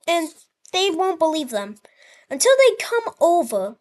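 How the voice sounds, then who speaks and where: A woman's voice: extremely high pitch, sing-song, unhurried. A woman hosting her channel, narrating an alternate history over a map in a casual, rambling way with frequent restarts. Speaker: channel host.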